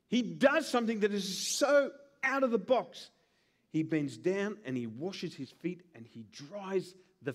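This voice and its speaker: A male pastor preaching a sermon, acting out little scenes with voices. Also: high voice. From Australia. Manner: animated, acts out scenes with put-on voices.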